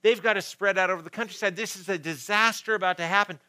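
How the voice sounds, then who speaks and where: A male pastor preaching a sermon, moving between loud emphasis and quiet, intimate stretches. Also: high-pitched, fast, dry recording, poor audio.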